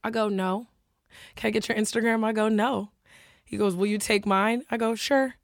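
A woman's voice: mid-range voice, fairly even intonation, moderate pace, no echo, studio quality. A young woman casually telling a story on a podcast, acting out dialogue with gasps and laughs.

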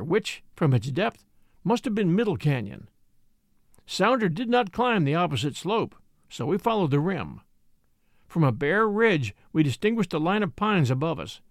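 Man, audiobook narrator, expressive brisk reading, high voice, very lively pitch. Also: vocal fry, dry recording, clean studio sound. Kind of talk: scripted narration.

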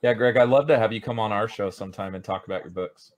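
A man's voice: fairly low pitch, fast talker, no echo. A man co-hosting a casual podcast, easygoing. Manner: easygoing, laughing. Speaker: podcast co-host.

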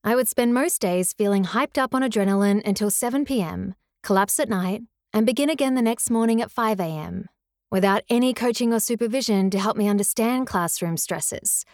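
Woman, memoir narrator and ex-teacher, middle pitch, earnest and reflective, close and dry. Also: darkish tone, no room sound. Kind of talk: scripted first-person memoir narration.

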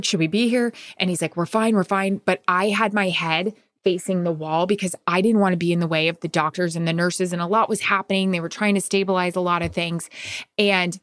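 A woman on a podcast telling a heartfelt story in casual chat, emotional and animated. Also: lowish voice, no room sound, studio quality. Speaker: guest.

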